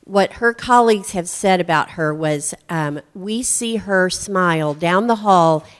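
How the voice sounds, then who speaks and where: A woman's voice: on the low side, unhurried, clean tone. A woman school administrator speaking at a board meeting, praising a teacher with frequent ums. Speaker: school administrator presenting awards. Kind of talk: public speech at a board meeting.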